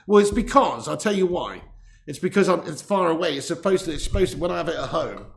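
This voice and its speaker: A man hosting a casual live football watch-along, laughing often as he reads out viewer messages. His voice is heavily gravelly and sits a little high. He sounds distant from a laptop mic with the gain turned up, in a roomy, echoing space. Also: expressive, quick pace. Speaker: live stream host. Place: room indoors. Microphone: laptop mic set far away with gain turned up. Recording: echoey room.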